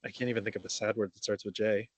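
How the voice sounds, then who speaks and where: A man's voice: on the low side, flat delivery, racing, dry recording. A man taking part in a workshop on a video call, chatty and good-humored. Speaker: workshop participant.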